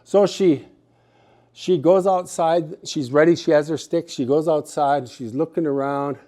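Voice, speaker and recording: A middle-aged man telling a story at a community gathering, relaxed and humorous with jokey asides. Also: mid-range voice. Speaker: storyteller and speaker.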